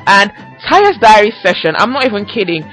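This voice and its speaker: Young woman, podcast host, bright forceful voice, chatty, teasing, faint music behind. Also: medium pitch, very animated, brisk, rough recording. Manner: chatty and teasing, laughs often. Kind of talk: casual solo podcast chat.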